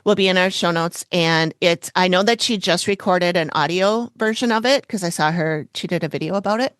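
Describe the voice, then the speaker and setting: A woman's voice: lowish voice, brisk, fairly bright tone, no room sound, studio quality. A woman co-hosting a podcast in casual chat, rambling and easygoing. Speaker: podcast co-host.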